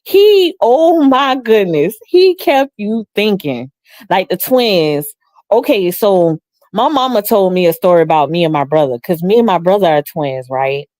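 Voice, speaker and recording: A woman's voice: unhurried, dry recording, studio quality. A middle-aged woman hosting a livestream, chatting casually, reading comments and telling family stories with frequent laughter. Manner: animated, laughs often, acts out quotes in high voice. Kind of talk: casual storytelling chat.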